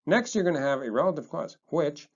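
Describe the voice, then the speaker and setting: A man teaching a text lesson, chatty and relaxed, thinking aloud as he explains. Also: fairly high pitch, brisk, highs cut off.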